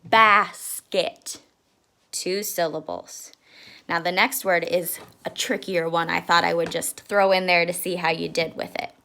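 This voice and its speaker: Woman teacher, patient, talks to kids, gravelly edge, sounds out words slowly. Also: fairly low pitch, fairly even intonation, a bit bright. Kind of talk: children's lesson.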